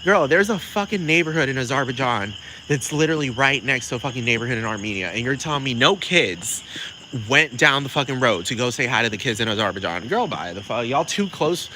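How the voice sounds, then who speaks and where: A man delivering a sassy, profane comedic rant, rambling fast with plenty of attitude. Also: mid-range voice, expressive, pushed and bright, slight background noise, low-quality recording.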